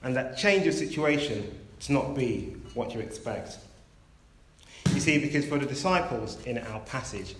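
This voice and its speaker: A man preaching a sermon, telling a story in a measured, gentle way. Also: medium pitch. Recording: roomy echo.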